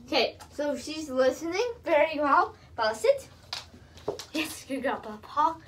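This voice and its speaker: A woman's voice: sits high, very animated, measured pace, slight background noise. A young woman vlogging at home, repeating commands to her dog and gushing with praise, a little out of breath. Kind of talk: casual home vlog.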